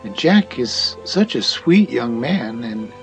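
A man narrating a storybook tale in a slow, expressive reading. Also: medium pitch, faint music behind.

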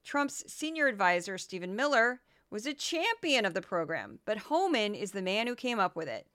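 A bright, crisp-voiced woman hosting a commentary podcast. She talks animatedly, now and then slipping into goofy put-on voices. The sound is dry and close. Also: mid-range voice, big pitch swings, normal speed, dry recording. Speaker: podcast host.

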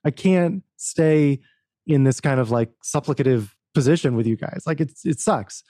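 A man, an author and book producer, telling a story as a podcast guest in an animated way, acting out quoted dialogue and restarting often. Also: a little high, normal speed, dry recording, clean studio sound. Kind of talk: casual interview storytelling.

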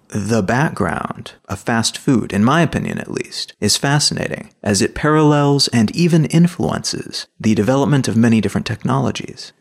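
Guy reading his podcast script, kinda gravelly, mid pitch, steady explainer tone. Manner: measured, explanatory, lightly opinionated. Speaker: podcast host. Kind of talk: scripted solo podcast narration.

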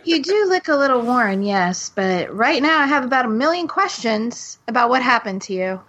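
A woman's voice: on the high side, sing-song, moderate pace, fairly bright tone, lo-fi sound. A woman reading the lines of a curious young female reporter in an amateur table read, sounding eager and inquisitive.

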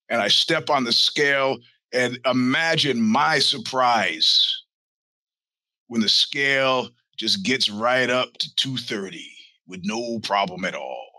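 A man hosting his own show talks through a long, profane anecdote in a bright, cutting voice. The sound is close and dead dry, with no room around it. He keeps jumping into little impressions of the people in his stories. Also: medium pitch, no room sound, rough recording. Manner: profane storytelling with put-on quoted voices. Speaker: podcast host. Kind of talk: casual monologue.

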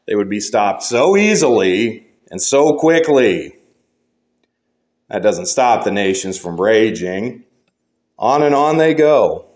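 A male pastor preaching a sermon, measured, rising to emphatic points and dropping low and slow to drive conclusions home.

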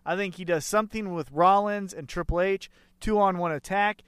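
High-voiced joking podcast guy, dry sound. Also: normal speed, a bit bright, clean tone, no echo. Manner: joking, crude trash talk. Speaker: wrestling podcast co-host. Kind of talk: casual chat.

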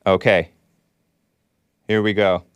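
A man's voice: on the low side, level tone, slow, clean tone, dry recording, lo-fi sound. A man hosting a call-in talk show, delivering a combative, sarcastic monologue full of rambling asides.

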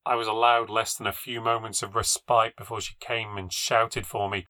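A man reading a first-person ghost story aloud for a podcast, in a measured, low-key storytelling voice that lifts at tense moments. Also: level tone, sharp tone, dry recording.

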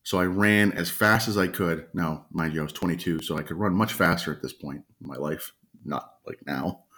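Deep-voiced man telling a story. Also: a bit bright. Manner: unhurried, clears his throat often. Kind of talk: casual spoken storytelling. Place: at home with a dog nearby.

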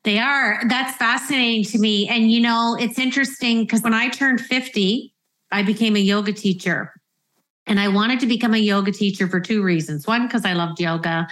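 A woman's voice: a little high, moderate pace, fairly bright tone. Earnest woman podcast host in her fifties. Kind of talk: reflective conversational interview.

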